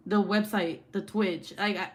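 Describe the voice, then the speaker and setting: A woman's voice: mid-range voice, fairly even intonation, unhurried. A woman hosting a livestream, telling stories in a casual, chatty way, laughing often and swearing freely. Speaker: livestream host. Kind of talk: casual chat and storytelling.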